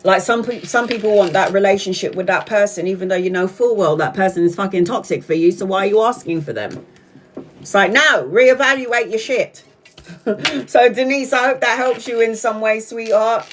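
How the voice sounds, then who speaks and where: A woman doing a casual live-stream tarot reading, chatty and excitable, swearing freely and calling her viewers sweetheart. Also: mid-range voice, normal speed, slight background noise. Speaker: tarot reader.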